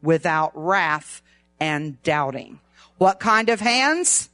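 An older woman delivers a church sermon as a guest preacher. Her tone is bright and clear. She talks in a folksy, lively way and rises in pitch when she drives a point home. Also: takes it slowly, no echo, faint music behind. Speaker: visiting preacher.

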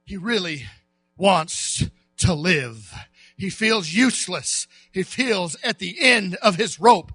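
Fired up male preacher, hollering slow and husky, dry sound. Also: high voice, expressive, no echo. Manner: impassioned, shouting and crying out. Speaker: pastor. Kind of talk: sermon.

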